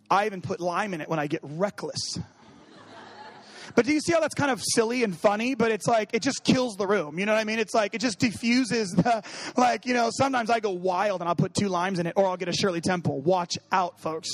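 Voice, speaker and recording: A man with a notably high voice preaches in a loose, joking way, dropping into quick acted-out dialogues and fillers. The sound is dry and close, with almost no room echo. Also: expressive. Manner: humorous, acts out quoted dialogue; conversational, many fillers like 'you know what I mean'. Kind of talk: casual sermon.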